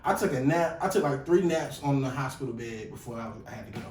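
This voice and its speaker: A young man co-hosting a podcast, telling a story in casual chat, animated and profane, loudly acting out the quotes. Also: mid-range voice, quick pace, distant mic, crowd noise. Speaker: podcast co-host. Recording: echoey room, voice off-mic, faint noise.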